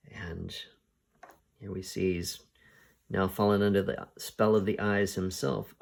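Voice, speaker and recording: A man hosting a comic review show, retelling the plot in a casual, unhurried, halting way. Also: on the low side, little pitch movement, vocal fry. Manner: unhurried, halting, thinking aloud. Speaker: podcast host reviewing comics. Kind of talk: casual spoken retelling of a story.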